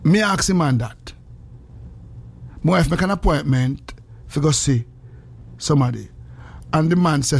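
A man with a Jamaican accent hosting morning radio, telling animated stories in patois. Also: on the high side, normal speed, creaky, pauses often, husky, no room sound. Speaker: radio host.

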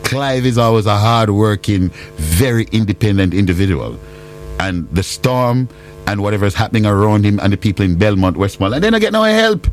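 A man's voice: fairly low pitch, lively intonation, brisk, faint music behind. A man with a Jamaican accent hosting a casual live talk, mixing patois storytelling with frequent laughter. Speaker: host.

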